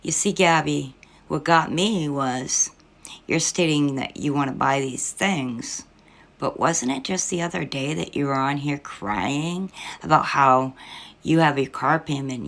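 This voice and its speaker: Middle-aged woman, very deep and gravelly voice, sarcastic and lecturing commentator. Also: a bit bright. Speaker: social media commentator. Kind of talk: critical reaction commentary.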